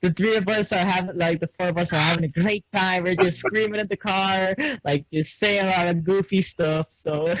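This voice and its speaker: Rambling guy, higher pitch. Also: fairly even intonation, normal speed, fairly bright tone, dry recording, poor audio. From Puerto Rico. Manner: rambling, laughing, lots of fillers. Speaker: podcast host. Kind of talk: casual storytelling chat.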